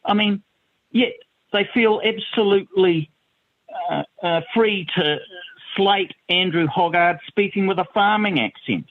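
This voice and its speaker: A man's voice: high-pitched, a little slow. A man from New Zealand giving opinionated political commentary on a talk radio show, calling in by phone and stressing his words emphatically. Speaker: guest commentator. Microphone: phone call. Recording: tinny phone line.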